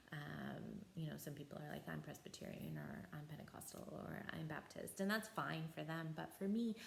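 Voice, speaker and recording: Woman evangelist, deep voice, gravelly, testimony, echoey room with faint ambience. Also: a little hiss or hum. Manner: storytelling with frequent fillers and soft laughs. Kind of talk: personal testimony.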